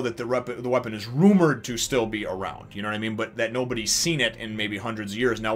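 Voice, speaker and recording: A man's voice: mid-range voice, fairly bright tone. A man hosting a casual manga review, talking enthusiastically in a rambling way full of restarts and fillers.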